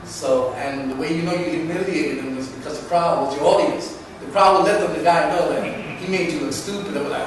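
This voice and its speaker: A man in his thirties with a fairly high voice tells his story casually and with energy, often stopping to restart a thought. He sounds far from the mic in a very echoey space, with clear background noise. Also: fairly quick, hardly any pauses. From Manhattan, New York. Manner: animated, acts out quoted voices, rambling restarts. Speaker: dancer being interviewed. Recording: echoey, distant and noisy.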